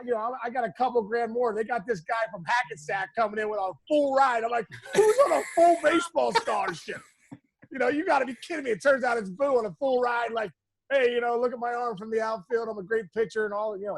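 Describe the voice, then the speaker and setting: A man in his forties, a former pro ballplayer, chatting as a podcast guest and telling animated, laughing stories with quoted lines. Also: very high-pitched, fast talker, no echo. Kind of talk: casual storytelling chat.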